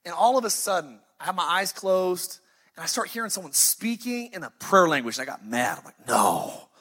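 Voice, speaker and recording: High, bright-voiced male pastor preaching. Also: big pitch swings, husky. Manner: emphatic, storytelling with sighs and dramatic pauses. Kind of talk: sermon. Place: church sanctuary, live. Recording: faint music behind.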